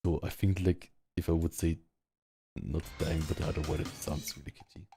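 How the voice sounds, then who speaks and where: A man with a German accent and a very deep, gravelly voice chats casually over a headset. His mellow, slightly husky tone sounds dry and close. He rambles with loads of fillers and tries out words aloud. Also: steady tone, moderate pace, no echo, soft background music. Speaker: VR social game player. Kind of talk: casual chat. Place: online virtual world, speaking from home.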